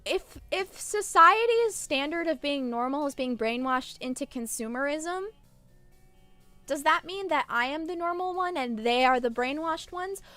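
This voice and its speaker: A woman's voice: sits high, lively intonation, measured pace, pushed and bright, no room sound, faint music behind. A woman streamer rambling in casual live-stream chat, irreverent and swearing freely.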